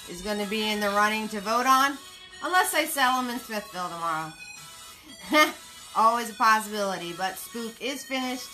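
A woman's voice: mid-range voice, sharp tone, rough recording. A woman leading a live online painting class, chatty and playful, repeating her cue words in a sing-song way. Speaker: paint party instructor.

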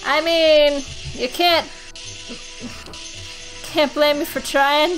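A woman's voice: high voice, fairly even intonation, very slow. A tipsy young woman giving brash, foul-mouthed let's-play commentary as the host. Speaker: gaming host. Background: game music.

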